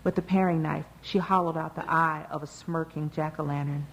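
A woman with a lowish voice reads a novel aloud, measured and expressive. A faint hiss sits under the recording. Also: rough recording. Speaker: narrator. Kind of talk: audiobook narration.

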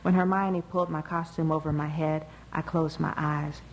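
A woman narrating a novel in a measured, expressive reading. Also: deep voice, a little hiss or hum, low-quality recording. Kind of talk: audiobook narration.

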